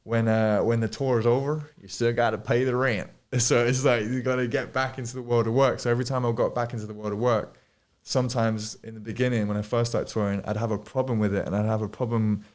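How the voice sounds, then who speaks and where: A man's voice: mid-range voice, little pitch movement, fast talker. A man chatting casually as a podcast guest, rambling with lots of fillers and restarts and swearing freely. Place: studio.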